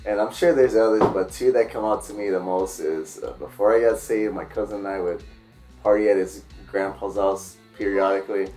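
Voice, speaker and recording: Animated storytelling man on a podcast. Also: fairly low pitch, brisk, soft background music. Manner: animated, acts out the people in his stories. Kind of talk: casual storytelling chat.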